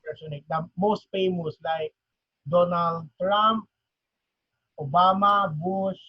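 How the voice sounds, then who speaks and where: An interview host with a high male voice and a husky edge, stumbling over the first words of his questions. The sound is dry and muffled, like a lo-fi recording with little room in it. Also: steady tone, no room sound. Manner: halting, repeats words before questions.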